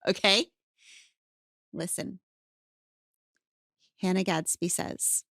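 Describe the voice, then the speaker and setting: A woman hosting a podcast in casual chat, animated and playful, acting out her stories. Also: medium pitch, a little slow, dry recording, clean studio sound. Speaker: podcast host.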